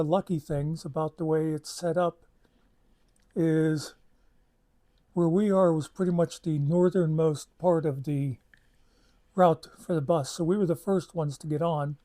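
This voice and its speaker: A man's voice: fairly high pitch, mellow. A man telling a long personal story in a casual, rambling way, with many asides and fillers. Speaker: channel host.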